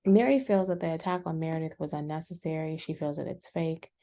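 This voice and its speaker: Woman, casual recap talk, gravelly, dark mellow tone, chatty. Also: low voice, fairly quick. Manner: chatty, animated retelling with frequent "um" and restarts. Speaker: reality TV reviewer.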